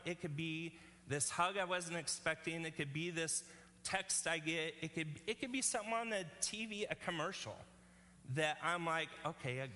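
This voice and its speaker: A man's voice: fairly high pitch, sharp tone, big-room sound. A male pastor preaching a sermon in an earnest, conversational way, often checking in with the congregation.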